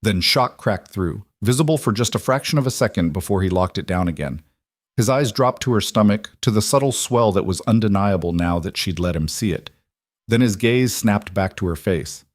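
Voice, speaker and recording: A man narrating a romantic drama story in a measured, dramatic scripted reading. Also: on the low side, darkish tone, no room sound, clean studio sound.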